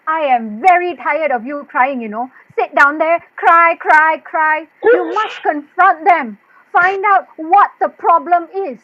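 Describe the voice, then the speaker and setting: A woman playing a plucky young Indonesian maid who speaks bluntly, in a staged play reading. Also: sits high. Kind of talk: staged play reading over video call. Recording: dull muffled video-call audio.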